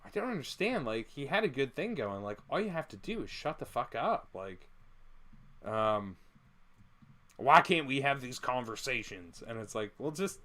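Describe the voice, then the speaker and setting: Animated, swearing man on a stream. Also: mid-range voice, moderate pace. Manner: blunt, swears freely. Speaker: co-host. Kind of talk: casual stream chat.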